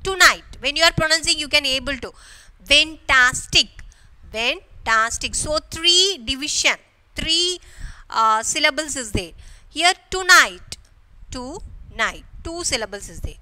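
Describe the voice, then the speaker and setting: A woman teacher with an Indian English accent giving a grammar lesson to schoolchildren, explaining slowly and repeating "okay" and questions to the class. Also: high voice, expressive, sharp tone. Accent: Indian English, from Kerala. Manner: slow, repetitive explaining with frequent "okay" and rhetorical questions.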